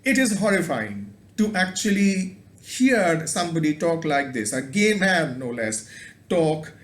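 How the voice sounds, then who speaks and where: A man's voice: on the high side, very animated, unhurried, fairly bright tone. A man giving a spoken video lecture, thoughtful and hesitant, with many ums and repeated words. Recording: roomy echo.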